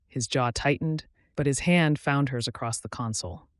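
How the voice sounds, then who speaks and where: A man narrating a romance audiobook in a soft, intimate, unhurried way on a close studio mic. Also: medium pitch, no echo.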